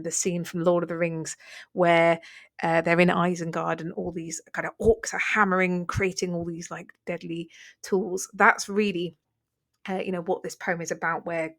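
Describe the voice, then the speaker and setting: Lowish-voiced woman teaching a poetry lesson. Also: a bit bright. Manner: conversational, many fillers and self-corrections. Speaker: English literature teacher. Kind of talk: revision lesson, line-by-line poetry analysis.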